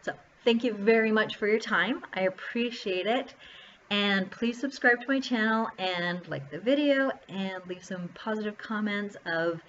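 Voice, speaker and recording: A woman's voice: medium pitch, unhurried, fairly bright tone, a little hiss or hum. A woman chatting casually to the camera, sharing self-confidence tips in a rambling, upbeat way. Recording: slightly dull lo-fi recording.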